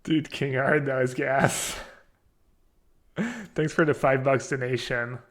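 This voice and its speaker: A man's voice: medium pitch, slow pace, fairly bright tone. Chatty self-mocking male game streamer. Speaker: streamer playing a card game. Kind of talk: casual live-stream commentary.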